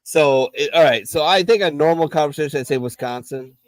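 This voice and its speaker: A man's voice: on the high side, brisk, no room sound. A man hosting a loose, profane bar-room talk show, joking around with a slightly raised voice. The sound is dry and close, with little room around it. He rambles and drinks as he chats. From American Midwest. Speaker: podcast host. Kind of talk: casual bar-room chat. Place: bar compound, live stream.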